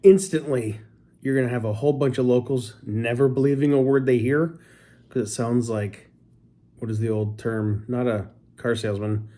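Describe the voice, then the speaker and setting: A talkative man from Canada chatting casually with his wife, quick to joke and poke fun at himself. His voice sits at an ordinary middle pitch, and he rambles from one story to the next. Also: fairly even intonation, dark tone. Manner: chatty, joking, self-deprecating. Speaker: co-host. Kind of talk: casual couple chat.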